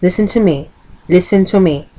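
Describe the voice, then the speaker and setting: A woman's voice: fairly low pitch, normal speed, mellow, lightly acted, rough recording. A woman with a Vincentian accent voicing a fierce, stubborn old nanny while reading a book aloud. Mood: insistent.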